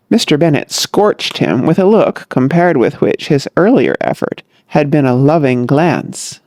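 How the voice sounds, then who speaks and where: An audiobook narrator reading a comic novel with a wry, lively delivery. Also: mid-range voice, moderate pace, creaky, no echo, clean studio sound. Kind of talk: scripted narration.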